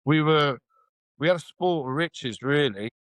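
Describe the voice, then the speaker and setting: A man's voice: a little high, unhurried, a bit bright, dry recording, rough recording. A middle-aged man, a former rugby player, telling candid stories with plenty of swearing, acting out what others said. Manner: candid, swears freely, acts out quotes. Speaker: podcast guest, former rugby hooker. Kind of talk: casual storytelling.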